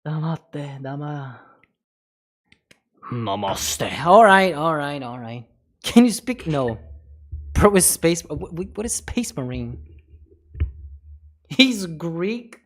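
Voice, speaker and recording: A man's voice: on the high side, very animated, slow pace, pauses often. A man streaming live, chatting casually, swearing often, joking and breaking into mock foreign phrases. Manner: laughs often between lines. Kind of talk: casual livestream chat.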